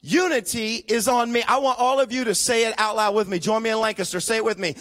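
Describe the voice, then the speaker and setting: A man preaching a sermon as a pastor. He is emphatic, repeats key phrases and leads call-and-response, going from hushed asides to shouts. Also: very high voice, quick pace, hardly any pauses.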